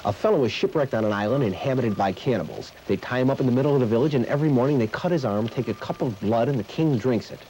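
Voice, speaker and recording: A man hosting a mock news segment, telling old jokes with a dry, measured delivery. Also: medium pitch, mellow, slight background noise, low-quality recording. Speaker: comedian host.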